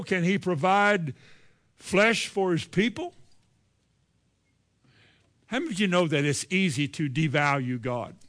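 High-voiced man preaching a sermon. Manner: animated, paraphrasing scripture in folksy speech.

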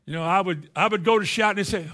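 A preacher tells a story from the pulpit, with a voice a little higher than most men's. He stammers on some words and starts lines over as he goes. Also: fast, sharp tone. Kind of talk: sermon with personal testimony.

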